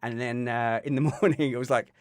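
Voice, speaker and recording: A man's voice: mid-range voice, fairly even intonation, brisk, a little mellow, no echo, studio quality. A man co-hosting a podcast, telling a rambling, wry anecdote in casual chat and often breaking off to restart his sentences. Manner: rambling, self-interrupting, wry. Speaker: podcast co-host.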